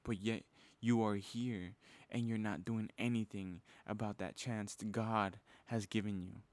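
A man's voice: on the low side, fairly even intonation, measured pace, darkish tone, no echo. A young man hosting a podcast, giving a casual, fired-up motivational talk full of "bro" and "man". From Mexican heritage. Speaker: podcast host.

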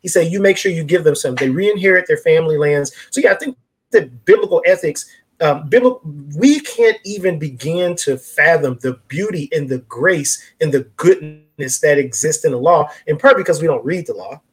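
A man's voice: a little high, lively intonation, moderate pace, husky. A man in an impassioned casual discussion, speaking in a preacherly way with many restarts as he cites scripture.

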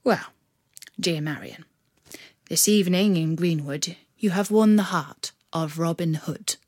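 Storybook robin hood, polite teasing young outlaw guy, woman reading him, unhurried, dry sound. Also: on the low side, a little mellow, dry recording. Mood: gallant. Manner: courteous, smooth, teasing. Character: gallant young male outlaw leader.

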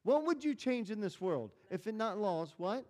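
Chatty pastor in a reverberant hall. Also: male voice, sits high, very animated, normal speed, darkish tone. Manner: chatty, storytelling, asks the room questions. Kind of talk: conversational sermon with congregation questions. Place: church hall.

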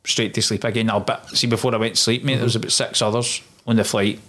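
Low-voiced Scottish man telling his story. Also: little pitch movement, quick pace, fairly bright tone. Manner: low-key, plain-spoken, recounting events in long runs. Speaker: former soldier guest. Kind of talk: casual interview storytelling.

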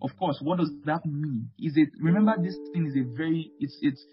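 A man with a fairly high voice delivers a Bible teaching sermon. He leans hard on key phrases, repeats them, and punctuates with amen. The recording is dull and lo-fi, with guitar music clearly audible behind him. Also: brisk. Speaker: pastor.

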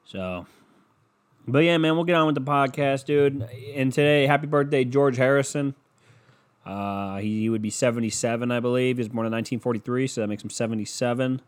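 A man's voice: medium pitch, brisk. A man hosting a solo podcast from his bedroom, talking in a rambling, profane, jokey way. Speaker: podcast host. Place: bedroom, in the dark. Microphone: microphone.

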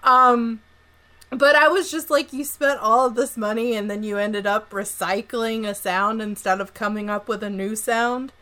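A woman's voice: a little high, fairly even intonation, normal speed, pushed and bright. A woman hosting a film podcast, recapping the plot with opinionated hot takes in casual chat. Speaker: podcast host.

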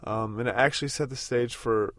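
A man's voice: mid-range voice, brisk, a bit bright, no echo, clean studio sound. A man in his thirties hosting a podcast in a casual, rambling way, with lots of fillers and restarts. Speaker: podcast host. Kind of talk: casual spoken podcast recorded on a road trip.

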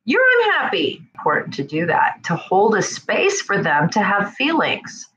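A woman gives a conversational self-help talk with a lively, swooping pitch. She speaks straight to her listeners and keeps checking in with them. Her delivery is animated. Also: measured pace, dull audio, slight background noise. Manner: animated, acts out quoted voices; talks straight to the listener with frequent "right?".

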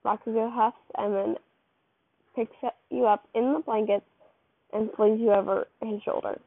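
Gravelly woman casually reading fan fiction. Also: on the high side, steady tone, measured pace, dry recording. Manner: loose, rambling delivery with slips and restarts. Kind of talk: casual second-person story reading. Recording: tinny, phone-like dry recording.

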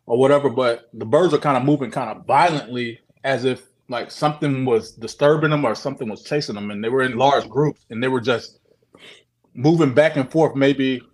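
A man telling his own odd sighting story on a call, animated, swearing often and repeating himself. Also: medium pitch. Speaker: guest sharing a sighting story. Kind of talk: casual storytelling on a video call show.

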